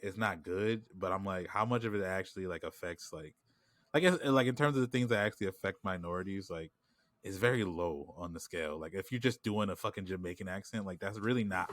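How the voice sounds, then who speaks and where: Brisk and fairly bright despite a fairly low pitch, a man rambles through casual podcast chat as co-host, his New York accent threaded with "like" and "you know what I'm saying." There's no echo.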